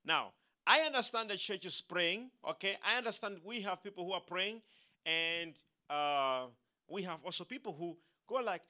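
A man preaching a sermon, animated, repeating his words and acting out the people he quotes. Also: sits high, normal speed.

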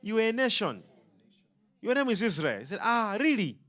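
A man's voice: high voice, very animated, moderate pace, fairly bright tone. A man preaching a sermon, emphatic and rhythmic, throwing questions out to his congregation.

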